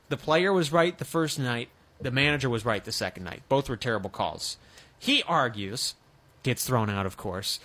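A man's voice: medium pitch, a bit bright. A man hosting a sports radio show, chatting casually and joking, with frequent restarts.

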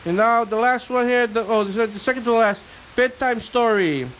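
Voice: medium pitch, normal speed, a bit bright, slight background noise, rough recording. A local show host chatting casually and reading Halloween poems aloud in a rambling, sing-song way.

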